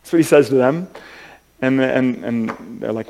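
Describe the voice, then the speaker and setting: A man preaching a sermon in an earnest, halting way, with many restarts, moving between soft and loud passages. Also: mid-range voice, creaky. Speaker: pastor.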